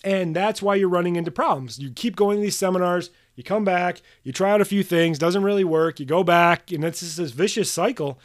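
A man's voice: high-pitched, a little fast, hardly any pauses. A man hosting a solo podcast for practitioners, talking bluntly and emphatically, swearing casually and repeating his key points. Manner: emphatic, drills points with repetition. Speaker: podcast host coaching manual therapy practitioners.

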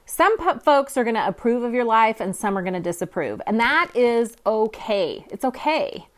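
A woman's voice: a little high, sing-song, moderate pace. A woman in her fifties from California, hosting her own podcast in a bubbly, candid, self-deprecating solo talk. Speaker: podcast host. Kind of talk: upbeat solo podcast monologue.

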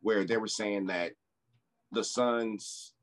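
Relaxed low-voiced man telling a story. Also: slow pace. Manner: relaxed, loose storytelling with fillers. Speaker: podcast co-host. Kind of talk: casual podcast chat.

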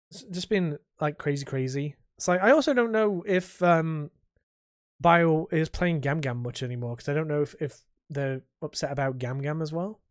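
A man's voice: a little high, dry recording. Rambling man on a dry podcast mic. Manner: rambling, halting, with frequent restarts and laughs. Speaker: podcast co-host. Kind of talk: casual chat.

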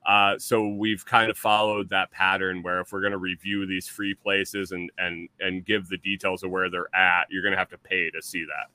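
A man's voice: low-pitched, level tone, normal speed, hardly any pauses, bright, forceful tone, no room sound, poor audio. A man appearing as a guest on a podcast, chatting in a laid-back, rambling way with some swearing. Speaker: guest, full-time RVer channel creator. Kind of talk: casual conversation.

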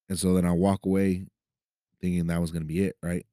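A man's voice: deep voice, flat delivery, fairly quick, warm tone, no echo, clean studio sound. A man hosting a podcast, telling a personal story in a profane, conversational way and often asking "right?". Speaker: podcast host. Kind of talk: casual storytelling. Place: city of Los Angeles.

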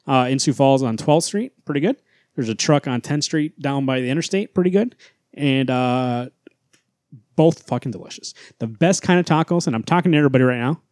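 A man's voice: mid-range voice, darkish tone, dry recording, studio quality. A man co-hosting a casual podcast chat, talking bluntly and emphatically with plenty of swearing. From Central or South America family roots. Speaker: podcast co-host.

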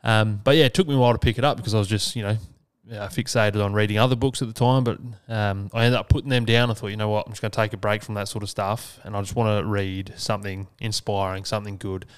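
A man's voice: lowish voice, steady tone, fast, hardly any pauses, clear, resonant tone, no echo. An Australian man hosting a solo podcast, talking casually and earnestly, swearing freely. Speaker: podcast host.

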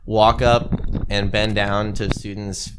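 A man's voice: fairly low pitch, level tone, takes it slowly, background noise. A man hosting a podcast in casual group chat, teasing and joking, swearing freely. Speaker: podcast host.

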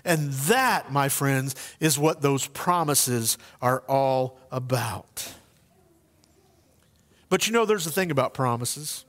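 A male pastor preaching a sermon in an earnest, conversational way, shifting between soft and emphatic delivery in a church sanctuary. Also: mid-range voice, big-room sound.

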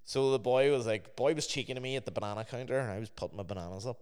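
A man's voice: mid-range voice, rapid-fire, darkish tone, clear, resonant tone. A Scottish man in casual podcast chat, telling laid-back stories about old jobs. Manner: laid-back anecdotes, says "aye" a lot.

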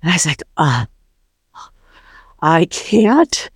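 A middle-aged woman tells a personal story of faith as a guest, moving quickly and warmly through the events. She drops into little voices when she quotes other people. Her voice sits in an ordinary middle range and sounds close and dry, with no room around it. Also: medium pitch, dry recording. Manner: animated, acts out quoted voices. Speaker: podcast guest.

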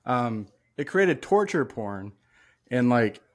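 Man, podcast co-host, casual chat, blunt, ranting, mid pitch. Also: sing-song, takes it slowly. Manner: blunt, ranting, swears freely.

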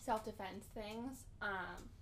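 A woman's voice: mid-range voice, slow pace, background noise. A young woman chatting casually as a podcast guest, with lots of "like" fillers. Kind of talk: casual chat.

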